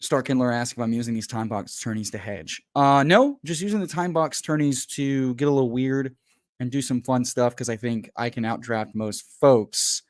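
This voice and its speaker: A man hosting a casual livestream from home, hyped and folksy, who keeps calling people brother and bursts into loud pep talks. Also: mid-range voice, moderate pace, dry recording, studio quality. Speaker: host.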